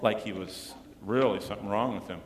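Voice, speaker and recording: Earnest pastor preaching in an echoey hall. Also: male voice, lowish voice, a little fast. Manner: earnest preaching, dropping to hushed tones for emphasis. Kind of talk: sermon. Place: church sanctuary. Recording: echoey church hall with long reverb.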